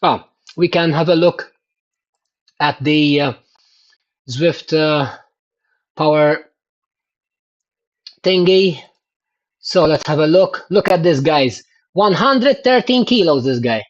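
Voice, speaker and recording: A man chatting excitedly to his livestream viewers about his cycling race results, exclaiming often. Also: a little high, slow, pauses often, muffled recording. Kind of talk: casual livestream chat.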